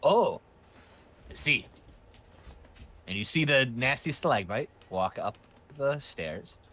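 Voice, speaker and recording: Man, game master, animated pitch, bright tone, explains rules. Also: slow pace, slight background noise. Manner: lively, explains rules at length. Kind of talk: narrating a tabletop game.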